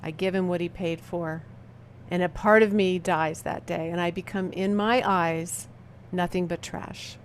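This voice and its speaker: A woman in her fifties giving a motivational talk as a personal testimony, speaking slowly with heavy dramatic pauses and a quiet, intense delivery. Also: on the low side, steady tone, slight background noise.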